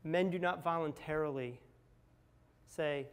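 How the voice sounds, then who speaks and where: A middle-aged man with a somewhat high voice recounts a personal ordeal in a candid, confessional way. He builds tension, then drops to near-whispers at the tense moments. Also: unhurried, clear, resonant tone. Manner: candid, dramatic retelling with acted quotes and swings from loud to hushed. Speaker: speaker sharing a personal recovery story. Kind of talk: personal storytelling talk.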